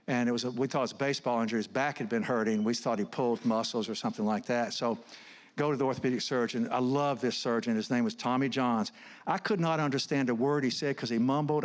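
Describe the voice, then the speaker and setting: Man, middle-aged, earnest church talk, medium pitch, storytelling. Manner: earnest, conversational, with frequent restarts. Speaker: guest speaker, counselor. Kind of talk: sermon with personal storytelling. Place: church stage.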